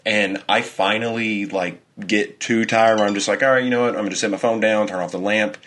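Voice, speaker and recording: A man's voice: on the low side, fairly even intonation, brisk, fairly bright tone, a little hiss or hum. A young adult man co-hosting a podcast, telling a story in casual chat with heavy swearing. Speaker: podcast co-host.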